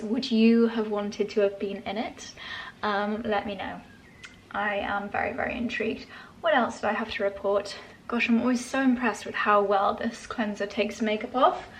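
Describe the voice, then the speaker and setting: A chatty woman talks casually in her home vlog. She gushes about products and laughs softly now and then, all while working through a facial massage. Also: fairly high pitch, a little hiss or hum. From England. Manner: chatty and gushing, with soft laughs. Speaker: lifestyle vlogger.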